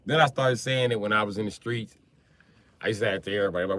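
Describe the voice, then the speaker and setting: A man hosting a livestream in casual, rambling chat, swearing constantly and breaking into loud outbursts. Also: fairly low pitch, racing. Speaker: livestream host.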